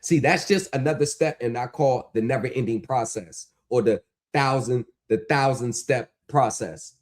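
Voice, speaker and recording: A man hosting a livestream, talking in an animated, mocking rant that is full of profanity and rhetorical questions. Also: medium pitch, normal speed. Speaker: stream host. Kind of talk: ranting livestream talk.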